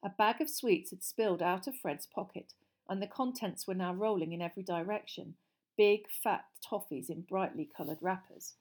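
A woman narrating a storybook audiobook in a steady, clear reading voice. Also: medium pitch, normal speed.

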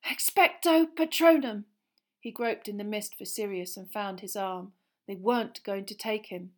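A woman narrating a fantasy novel aloud with tense, expressive storytelling that builds suspense. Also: mid-range voice, normal speed. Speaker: audiobook reader.

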